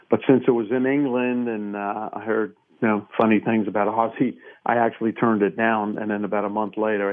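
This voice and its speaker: A man in his sixties from Brooklyn, New York, telling relaxed, rambling stories as an interview guest, with plenty of fillers. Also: lowish voice. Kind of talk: casual storytelling interview. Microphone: phone. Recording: tinny phone line.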